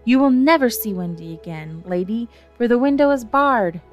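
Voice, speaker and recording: A woman's voice: medium pitch, big pitch swings, normal speed, faint music behind, close to an everyday voice. A woman voicing a boastful, defiant young boy who never grows up, reading him in a storybook. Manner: bragging, defiant.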